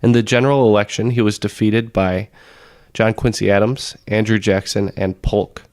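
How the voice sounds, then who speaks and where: A man with a raspy, hoarse voice from being sick, reading out trivia questions as the quizmaster of a podcast. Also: lowish voice, little pitch movement, moderate pace, a little mellow, no echo, studio quality.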